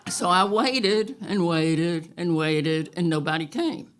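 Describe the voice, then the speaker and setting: A woman telling a true story on stage to a live audience, wry and unhurried, often chuckling. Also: on the low side, expressive.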